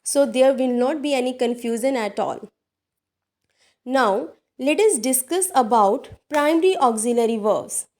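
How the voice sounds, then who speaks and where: A woman teaching grammar in a recorded lesson, speaking deliberately and addressing her viewers as dear students. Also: high voice, animated, a little mellow. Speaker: English teacher.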